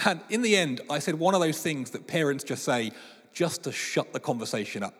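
Lively preacher in a reverberant hall. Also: male voice, fairly high pitch, a little fast, husky. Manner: lively storytelling with playful acted voices. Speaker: pastor. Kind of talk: sermon. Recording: long reverb of a large hall.

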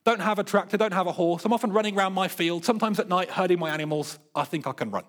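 A man's voice: sits high, rapid-fire, fairly bright tone. A man voicing a laconic 61-year-old Australian farmer with a put-on Australian accent and a terse, drawling way of talking. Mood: matter-of-fact.

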